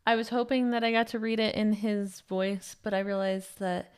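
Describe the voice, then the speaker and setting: A bubbly woman in her thirties co-hosting a book podcast. Her chat is casual and full of easy laughter, with a middling pitch. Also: steady tone, moderate pace, clear, resonant tone. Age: 30s. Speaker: podcast co-host.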